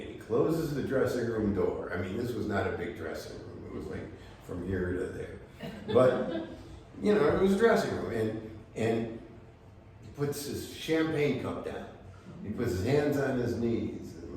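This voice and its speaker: An older American man telling animated stories to a live library audience. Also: fairly low pitch, normal speed, slight background noise. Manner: animated anecdotes, quotes others in voices. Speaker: storyteller at a library talk. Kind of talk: live storytelling talk. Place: library event space. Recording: echoey room, mic from a distance.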